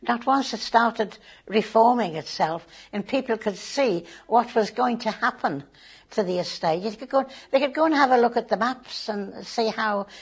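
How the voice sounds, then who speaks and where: A woman's voice: on the high side, moderate pace, breathy edge. An older woman, a community volunteer chatting in an interview with homely tag phrases. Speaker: community volunteer and board member. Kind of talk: interview, casual recollection.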